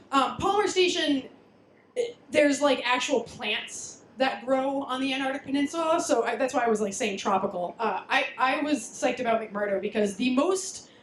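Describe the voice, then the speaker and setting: A woman's voice: fairly high pitch, slight background noise. A woman in her thirties giving a casual live talk with slides, chatty and self-deprecating, laughing often and restarting her sentences. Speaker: speaker at a science talk night. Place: lecture venue with audience. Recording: echoey room, faint ambience.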